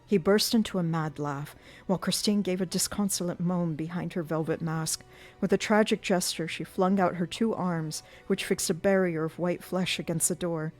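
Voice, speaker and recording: A woman narrating a classic novel aloud in a measured, dramatic reading style during a live stream. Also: fairly low pitch, fairly even intonation, a little mellow. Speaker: audiobook reader.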